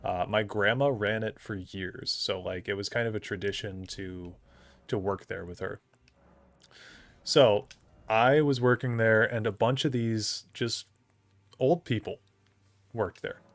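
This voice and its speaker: A man's voice: lowish voice, unhurried, long pauses, dry recording. A young man streaming, telling a rambling anecdote about an old coworker and laughing often as he talks. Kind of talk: casual storytelling on a live stream.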